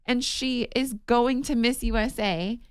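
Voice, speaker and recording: A young woman from Nevada hosting a podcast in casual chat, quick-talking and excitable. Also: on the high side, clear, resonant tone, no room sound, clean studio sound. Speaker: podcast host.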